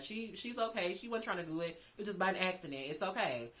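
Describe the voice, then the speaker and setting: A young woman vlogger tells a casual, candid storytime, cursing freely and acting out the quoted dialogue in an animated retelling. Her mid-range voice moves quickly with few pauses, and the recording quality is low.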